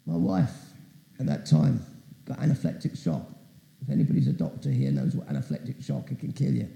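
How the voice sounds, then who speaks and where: A man's voice: medium pitch, wildly swooping pitch, a little fast, vocal fry, warm tone, reverberant, low-quality recording. A man preaching as a guest speaker, telling a story with asides and questions to the audience. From Britain. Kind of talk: testimony sermon.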